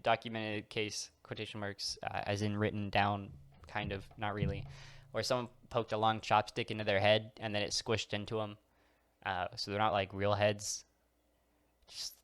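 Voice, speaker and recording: A man's voice: on the low side, a bit bright, clear, resonant tone, no echo. A man giving a casual, comedic countdown as a video creator. He rambles, restarts his sentences and swears casually, and he acts out little scenes in quoted voices.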